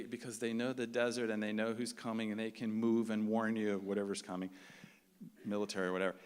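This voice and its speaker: A man telling a personal story to a live audience, acting out the voices of the people in it. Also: mid-range voice. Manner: animated, acts out the people he quotes. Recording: long hall reverb.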